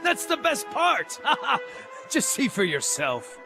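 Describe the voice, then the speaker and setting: A man's voice: very high voice, slow, over music, heavily acted. An actor voicing a cheerful, curious small male orlan druid in a video game, speaking in a playful, relishing way. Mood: gleeful. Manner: playful, relishing, lively storytelling.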